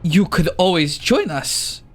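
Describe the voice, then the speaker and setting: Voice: mid-range voice, sing-song, takes it slowly, soft background music. A video game player voicing a tough, straight-talking woman clan leader with a drawling folksy accent that wanders as the lines go on. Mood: firm. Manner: drawling, uses "ain't". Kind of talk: reading game dialogue aloud in character.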